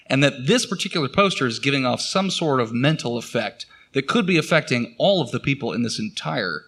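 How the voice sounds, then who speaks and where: A man's voice: medium pitch, animated, a little fast, fairly bright tone. A man narrating scenes as game master of a tabletop role-playing game, describing things with some fillers.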